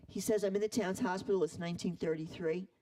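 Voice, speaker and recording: A man retelling a story in an animated way, acting out the quoted voices. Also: high voice, fast talker, distant mic, poor audio. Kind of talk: storytelling talk.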